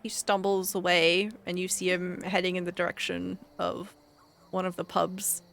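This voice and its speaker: A woman narrating a tabletop game as game master, describing the action briskly and calling for rolls. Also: on the low side, little pitch movement, gravelly, a bit bright.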